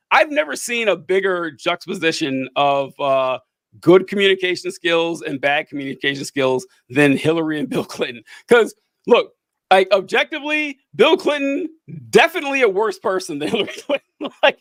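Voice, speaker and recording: High-voiced man in rambling political banter. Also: lively intonation, normal speed, a bit bright, no echo. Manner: rambling, sarcastic, frequent fillers and laughs. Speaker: podcast co-host. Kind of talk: casual political chat.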